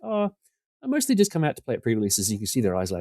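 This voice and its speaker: A man in his forties, a podcast guest, telling casual stories in a self-deprecating way and getting animated when he quotes other people. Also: lowish voice, rapid-fire, no room sound, clean studio sound. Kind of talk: casual storytelling interview.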